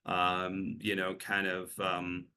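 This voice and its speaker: A man's voice: sits low, monotone, takes it slowly, bright, forceful tone, slight background noise. A man working as a behavioral health clinician, answering interview questions in a rambling, casual way, full of fillers and restarts.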